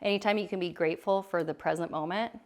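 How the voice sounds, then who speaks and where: A woman's voice: lowish voice, fairly even intonation, quick pace. A woman in her thirties giving a casual, rambling talk at a retreat, with many fillers and restarts. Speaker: retreat presenter. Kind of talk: casual talk to a small group. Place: retreat room.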